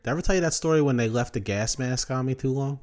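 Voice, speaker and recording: Male podcast host, average-pitched voice, loose rambling profane storytelling. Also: fast talker, a little mellow. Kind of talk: casual chat.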